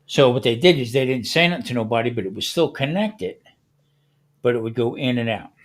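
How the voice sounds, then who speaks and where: Man spinning animated stories in chat. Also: medium pitch, brisk. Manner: animated storyteller who acts out the people he quotes. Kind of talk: casual podcast chat.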